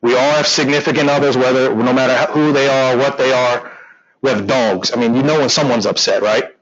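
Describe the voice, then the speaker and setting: A man teaching a real estate class, animated and joking, acting out conversations with clients. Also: medium pitch, brisk, muffled recording. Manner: animated, joking, acts out quotes. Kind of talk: classroom training talk.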